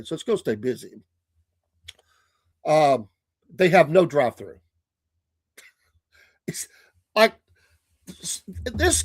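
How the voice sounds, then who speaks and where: A man's voice: a little high, no room sound, studio quality. An older man with a Southern US accent telling a casual story on his morning show, chatty and laughing often.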